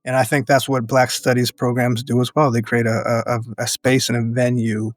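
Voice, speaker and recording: A man talking in an interview as an educator and activist, earnest and reflective, building his points in measured phrases and laughing often. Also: mid-range voice, level tone, no echo, clean studio sound. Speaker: podcast guest, educator and activist.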